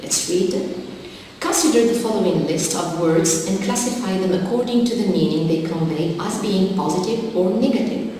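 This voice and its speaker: Slow, echoey woman teaching a lesson. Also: medium pitch, darkish tone, slight background noise. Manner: slow, methodical, dictating word lists. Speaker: English teacher. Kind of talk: exam-prep lesson. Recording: echoey hall, distant mic.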